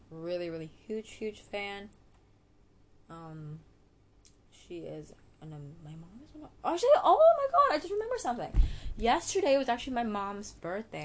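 Low-voiced woman chatting casually, rambling. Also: a little hiss or hum. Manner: rambling, giggly, self-interrupting; playful, drawn-out name demonstrations. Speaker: podcast host giving English tips. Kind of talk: casual solo chat.

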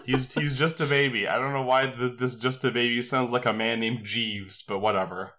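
A man with a middle-pitched voice chatting on a podcast. He rambles through his points with wry asides and frequent fillers. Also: fairly even intonation, normal speed, sharp tone. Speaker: podcast co-host. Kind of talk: casual chat.

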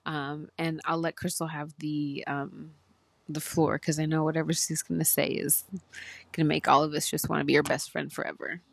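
A woman's voice: low voice, little pitch movement, normal speed, gravelly, no room sound. A woman hosting a podcast, talking in an earnest, emotional, rambling way with frequent restarts. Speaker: podcast host. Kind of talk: heartfelt casual talk.

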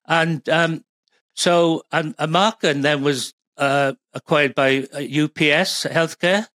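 A man's voice: fairly high pitch, fairly even intonation, takes it slowly, a bit bright, no echo. A man with a Welsh accent, a guest speaking as a supply chain expert, rambling with many fillers and restarts. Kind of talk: conversational interview.

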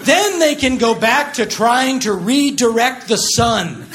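Sardonic high-voiced man doing stand-up. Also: animated, slow pace, a crowd in the background. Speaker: stand-up comedian. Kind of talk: stand-up comedy set. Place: comedy club stage before a laughing audience. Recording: live recording with audience noise.

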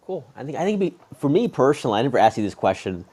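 Male podcast host, warm mellow tone, halting chatty delivery, frequent restarts. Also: medium pitch, big pitch swings, husky. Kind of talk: casual interview chat.

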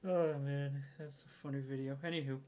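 A man's voice: medium pitch, fairly even intonation, fairly quick, mellow. A young man co-hosting a casual podcast, rambling and laughing often. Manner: giggly, rambling. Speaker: podcast co-host. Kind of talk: casual chat.

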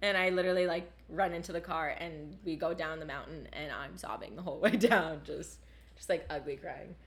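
A young woman from Canada telling a story in casual chat, animated and full of swearing and "like" fillers. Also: sits low, fairly quick. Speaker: storyteller guest.

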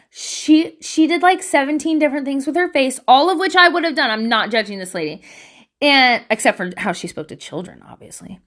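A woman in her thirties chatting casually to camera at home, animated and swearing, acting out voices as she tells stories. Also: a little high, moderate pace. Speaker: vlogger giving life advice.

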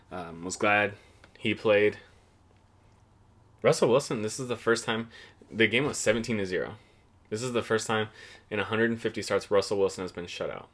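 A man's voice: on the low side, fairly bright tone. A young man hosting a casual solo football podcast, rambling and offhand with plenty of swearing. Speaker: podcast host.

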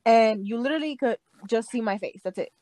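A young woman in her late teens telling a story to friends in casual chat, animated and profane, laughing as she mimics what others said. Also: on the high side, fairly quick, no room sound.

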